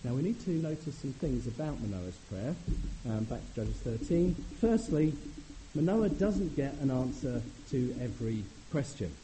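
A man preaching a sermon in an earnest manner, at times rising to animated emphasis. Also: mid-range voice, normal speed, slight background noise, poor audio.

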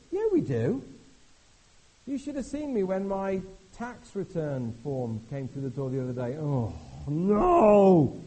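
This is a middle-aged man delivering a sermon in a chatty, animated way. His voice is husky and mellow, and it sits a little high for a man. He keeps jumping from quiet, confiding asides to loud exclamations. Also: rough recording. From Britain. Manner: animated, conversational, jumps between hushed and exclaiming. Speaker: visiting preacher.

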